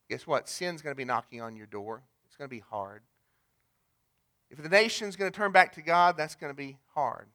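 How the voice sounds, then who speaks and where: A man preaching a sermon in a conversational way, swinging from loud emphasis to hushed asides and talking directly to the congregation. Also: on the high side. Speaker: pastor.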